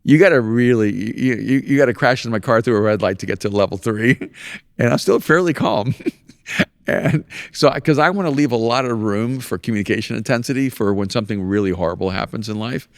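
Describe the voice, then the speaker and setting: A man's voice: mid-range voice, a little fast, gravelly, no room sound, clean studio sound. A man hosting a podcast in casual conversation, telling stories with animation and laughing often at his own anecdotes. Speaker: podcast host.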